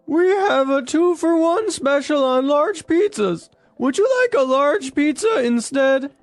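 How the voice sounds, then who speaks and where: A woman's voice: high voice, lively intonation, a little slow, dry recording, soft background music. A woman reading the part of a polite pizza shop clerk taking a phone order in a scripted dialogue. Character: polite young male pizza clerk Marty.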